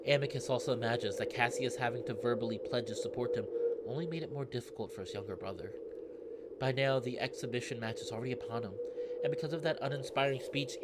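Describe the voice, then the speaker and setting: A man reading a visual novel aloud in steady narration, breaking into excited asides. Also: mid-range voice, heavy background noise. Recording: narration over loud game music. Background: background music.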